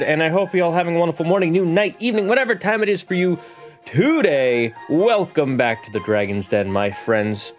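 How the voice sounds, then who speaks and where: A man who hosts a live stream as a game master, chatting in an animated, rambling way. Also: fairly high pitch, brisk, faint music behind. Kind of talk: casual live-stream chat.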